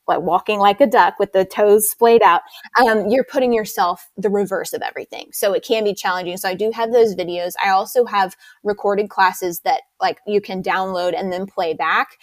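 Casting: woman instructor, keen explainer, dry close recording, mid-pitched. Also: dry recording. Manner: enthusiastic and detailed explainer. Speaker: movement instructor. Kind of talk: explanatory interview answers.

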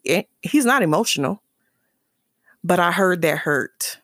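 A woman's voice: on the low side, animated, unhurried, a bit bright, dry recording, studio quality. A woman candidly telling a personal story about her son and his father, earnest and emotional, often restarting and repeating phrases. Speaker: mother sharing a personal story.

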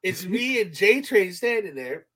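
A man's voice: high-pitched, very animated, measured pace, fairly bright tone. A man co-hosting a podcast who tells a story in a laid-back, joking way with cheeky asides. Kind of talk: casual storytelling chat.

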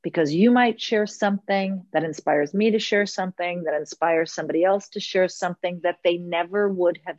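A woman's voice: lowish voice, a little mellow, no echo. Earnest woman storyteller, lo-fi sound. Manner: earnest, reflective storyteller, acting out quotes. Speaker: podcast guest, circle facilitator. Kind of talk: podcast conversation. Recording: slightly dull, lo-fi audio.

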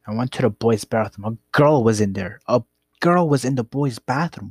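A man's voice: lowish voice, normal speed, a little mellow, breathy edge, dry recording. A young man casually telling a rambling, profane story about his past. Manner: rambling, profane, laid-back.

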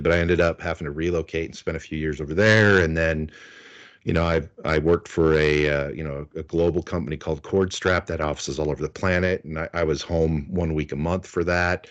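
Deep-voiced, chatty middle-aged man. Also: dull audio. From United States. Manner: chatty, anecdotal, many fillers. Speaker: interview guest. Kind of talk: casual conversational interview.

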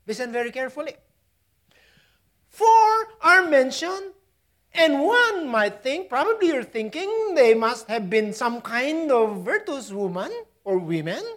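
A woman from the Philippines with a Filipino accent preaching a sermon, swinging from loud emphasis down to hushed near-whispers and chuckling at her own asides. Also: on the high side, very animated, moderate pace, few pauses.

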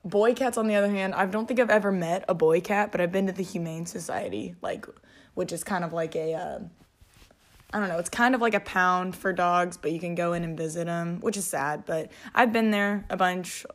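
A woman hosts a casual solo podcast from her home. She rambles in a chatty way, full of fillers and restarts, and is clearly amused by her own jokes. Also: lowish voice, brisk. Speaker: podcast host. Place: at home, alone.

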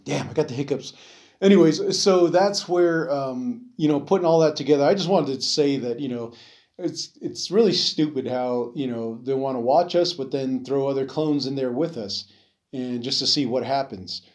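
A man's voice: mid-range voice, moderate pace. A man hosting a solo podcast, talking casually and rambling with many fillers, restarts and some swearing. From Navajo reservation. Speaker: podcast host.

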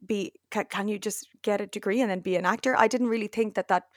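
A woman's voice: medium pitch, quick pace, no room sound, clean studio sound. A young woman chatting as a guest, telling stories and acting out what people said. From Ireland. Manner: lively storyteller, acts out quoted voices. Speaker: guest, actor and comedian. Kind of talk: casual chat.

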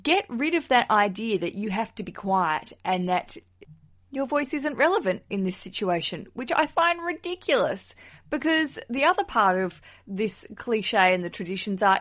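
A woman's voice: mid-range voice, big pitch swings, moderate pace, fairly bright tone. A woman hosting a podcast in casual solo chat. She is outspoken, swears freely and often laughs. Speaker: wedding podcast host.

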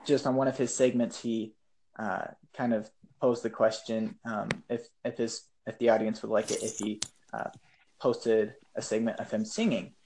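A man's voice: lowish voice, flat delivery, moderate pace, noisy background. Hesitant man in casual podcast chat. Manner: hesitant, full of ums and uhs. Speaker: podcaster and guest.

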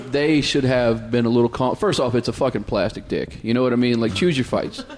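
A man, a comedian, in relaxed casual chat, agreeable and reassuring. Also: medium pitch, brisk. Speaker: comedian co-host.

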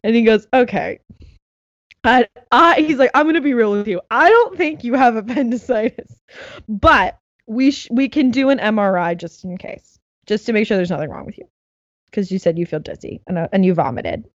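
A young woman telling a story in casual chat, animated and laughing, acting out what others said. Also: on the high side, normal speed, no echo, dull audio. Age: young adult.

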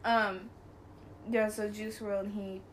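A woman's voice: medium pitch, level tone, slow pace, a little hiss or hum. A young woman co-hosting a podcast, chatting casually in a giggly, rambling way and apologizing often. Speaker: podcast co-host. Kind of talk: casual chat.

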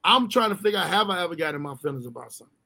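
A man chats on a comedy podcast. His voice sits high and sounds bright and forceful. He swears freely and slips into little acted scenes as he talks. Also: animated, rapid-fire, creaky. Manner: loud, profane, acts out scenes in funny voices. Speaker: podcast co-host. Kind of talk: casual comedic chat.

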